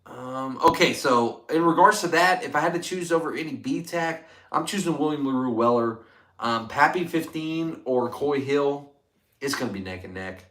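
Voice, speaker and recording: A man hosting a casual whiskey livestream, chatting loosely and getting excited as he reads out and thanks viewer comments. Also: medium pitch, moderate pace. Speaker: livestream host reviewing whiskey. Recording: echoey room.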